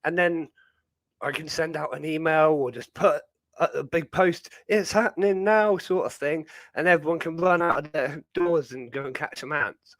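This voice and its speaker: A man's voice: a little high, moderate pace, fairly bright tone, no echo. A young British man hosting a hobby livestream, rambling and chatty with lots of fillers. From Britain. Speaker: livestream host. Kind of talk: casual chat.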